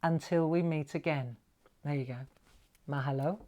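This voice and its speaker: Low-voiced chatty woman teaching crafts. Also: normal speed, warm tone, highs cut off. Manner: chatty, encouraging, talks to viewers while drawing. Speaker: craft show host. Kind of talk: live craft tutorial.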